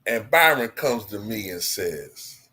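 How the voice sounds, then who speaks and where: A man doing an impression of a laid-back male basketball legend, telling a story in a slow, rhythmic cadence. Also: on the low side, natural voice. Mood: storytelling.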